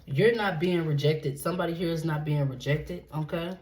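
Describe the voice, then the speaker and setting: A woman's voice: sits low, normal speed. A woman giving a tarot reading, blunt and profane, checking in with "okay?" after nearly every point. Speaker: tarot reader. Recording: echoey room with steady background noise.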